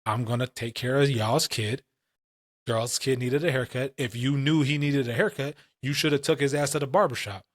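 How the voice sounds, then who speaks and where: A man's voice: mid-range voice, steady tone, moderate pace, dry recording, studio quality. A man in his late twenties or thirties, co-hosting a casual podcast and telling stories in heavy, profane street slang. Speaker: podcast co-host.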